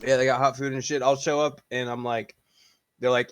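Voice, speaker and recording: A young man co-hosting a podcast, telling a story in a relaxed way and swearing casually. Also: mid-range voice, fairly quick.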